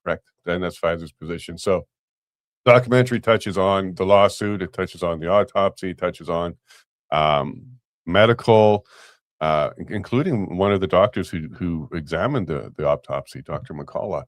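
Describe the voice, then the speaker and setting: A man co-hosting a casual talk show, relaxed and rambling with frequent chuckles. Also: sits low, moderate pace, no echo, studio quality. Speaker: co-host. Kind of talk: casual chat.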